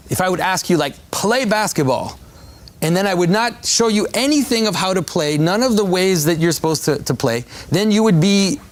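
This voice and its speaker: A man with a fairly high voice lays out abstract ideas in measured, lecture-style talk. He builds his points slowly through analogies, and there is a gravelly edge to his tone. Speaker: speaker in a played clip.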